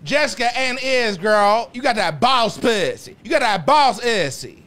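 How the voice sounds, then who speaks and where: A man streaming live, bantering with his chat in a loud, sassy, campy way and repeating phrases in bursts. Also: very high-pitched, animated, unhurried. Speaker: livestreamer.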